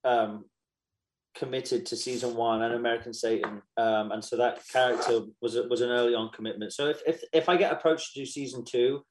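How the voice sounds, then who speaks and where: A man in his thirties, a podcast guest, chatting casually and telling animated stories with quoted asides. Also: mid-range voice, brisk, poor audio. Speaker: podcast guest, musician and actor. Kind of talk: casual chat.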